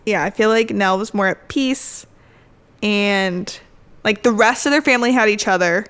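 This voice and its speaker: A woman's voice: mid-range voice, moderate pace, fairly bright tone, clear, resonant tone. A woman in her twenties co-hosting a podcast, chatting casually and jokily with frequent swearing. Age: 20s. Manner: playful, swears freely, jokey. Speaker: podcast co-host. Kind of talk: casual chat.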